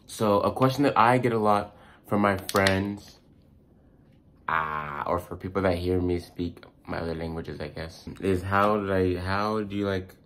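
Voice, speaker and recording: A young man from the United States talks casually to his viewers, his voice sitting very low. He rambles, restarts his sentences and leans on fillers as he shares tips. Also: fairly even intonation, measured pace, fairly bright tone, a little hiss or hum. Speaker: language-learning YouTuber.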